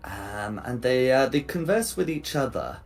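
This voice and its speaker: A man narrating a tabletop game as game master, pausing often with fillers. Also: medium pitch, big pitch swings, creaky, soft background music. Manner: hesitant, many fillers.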